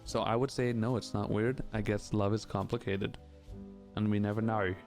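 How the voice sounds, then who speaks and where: A man's voice: fairly low pitch, level tone, normal speed, darkish tone, faint music behind. A man streaming and answering chat questions in casual, rambling chat, candid and full of "like" and "you know".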